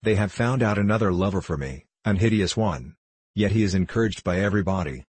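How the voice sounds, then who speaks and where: A man narrating a period novel in a measured, formal reading. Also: low-pitched, animated, darkish tone, slightly rough. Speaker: audiobook reader.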